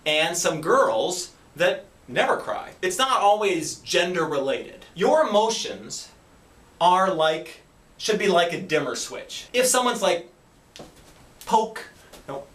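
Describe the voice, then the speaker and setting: A man's voice: high voice, big pitch swings, takes it slowly, a bit bright. A man, a doctor hosting a health series, giving a casual educational talk and acting out little quoted exchanges. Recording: echoey room, distant mic.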